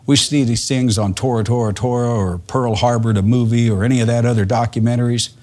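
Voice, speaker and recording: An older man preaching a sermon in a folksy, earnest way, dropping to soft asides and rising to emphatic lines. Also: medium pitch, fairly even intonation, fairly quick.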